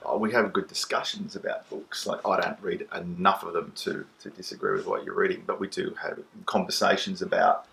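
Man, very low voice, gravelly, mock newsreader delivery, hesitant, veranda. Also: level tone, a bit bright, low-quality recording. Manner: measured, hesitant. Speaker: guest, host's husband. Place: outdoor veranda.

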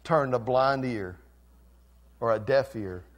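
A male pastor preaching a sermon, swinging from quiet, intimate lines to loud, fervent ones. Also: medium pitch, slow pace. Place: church sanctuary.

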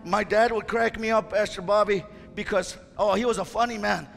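Male pastor, fiery sermon voice: high and gravelly, shouting at peaks, in a long-reverb hall. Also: steady tone, normal speed. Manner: impassioned preaching, rising to shouts. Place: church sanctuary. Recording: reverberant church hall with faint music.

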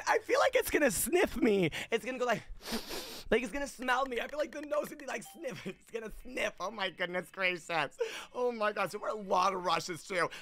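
A man's voice: high-pitched, pushed and bright. A young man live-streaming a game, bubbly and effusive, greeting viewers in a sing-song way.

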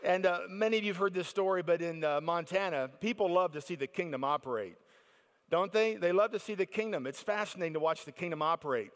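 A middle-aged American man telling a lively story at a faith conference, acting out the excited voices of the people in it. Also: sits high, quick pace, long reverb tail, some chatter behind. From United States. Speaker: conference speaker. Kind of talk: storytelling sermon.

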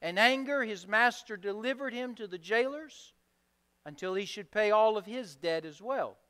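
A man preaching a sermon as pastor, deliberate and emphatic, building points through repetition. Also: high-pitched, expressive, sharp tone, smooth. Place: church sanctuary. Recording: long reverb of a church hall.

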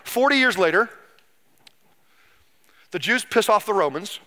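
A middle-aged male pastor delivering a sermon in a high, bright voice. He tells history as an energetic story, slipping into the voices of the people he quotes. His delivery shifts quickly between punchy asides and slow, weighty emphasis.

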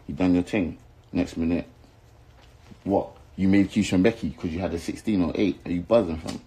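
A man's voice: low-pitched, fairly even intonation, a little fast, dark tone, slight background noise, poor audio. A young man with a South London accent, a rapper, delivering an angry, insulting, profanity-filled rant that keeps circling back to the same points. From London, England. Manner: angry, insulting, swearing, repeating himself. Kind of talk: heated rant to camera.

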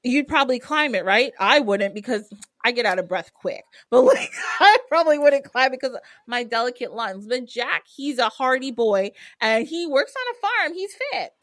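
A woman's voice: high-pitched, animated, moderate pace, a bit bright, dry recording, clean studio sound. A woman podcast host telling a story casually, with laughing, profane asides.

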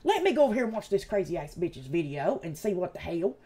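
A woman with an East Tennessee Southern accent talks straight to her livestream chat in a blunt, profane rant. Her pitch swings widely up and down as she vents and jabs. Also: big pitch swings, fast, dark tone, slightly rough. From United States. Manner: blunt, profane, heated ranting. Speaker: channel host. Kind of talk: casual livestream commentary.

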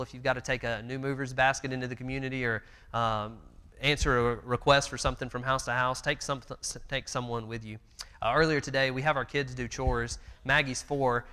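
A man in his thirties talks through a church Bible class in an earnest, conversational way, with plenty of fillers. His voice is bright and pushes forward. The recording carries the long reverb of a church hall. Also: mid-range voice. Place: church meeting room.

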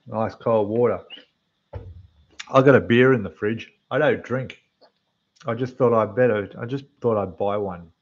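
On a casual model-building livestream, an Australian host chats and rambles to viewers as he works, his slightly rough mid-range voice losing its depth. The audio is dull, coming from a desk microphone that gets quieter when he turns away.

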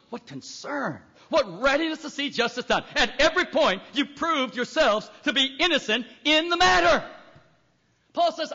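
A man preaching in a big echoing hall, his voice sitting very high and sounding bright and forceful. He reads scripture aloud and drives his points home with emphatic, acted-out lines. The recording is dull and lo-fi. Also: breathy edge. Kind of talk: sermon.

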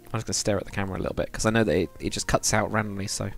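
A man's voice: on the low side, fairly even intonation, very fast, creaky, faint music behind. A man chatting casually and rambling to viewers on a live stream, with many fillers. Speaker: live streamer, game builder.

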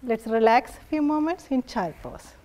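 A woman yoga instructor guiding a family class in a gentle, encouraging way, often laughing softly. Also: a little high, lively intonation, moderate pace.

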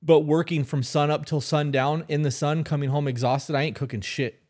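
A man's voice: on the high side, fairly even intonation, moderate pace, darkish tone. A man co-hosting a podcast in casual chat, blunt and swearing freely. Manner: blunt, profane. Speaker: podcast co-host.

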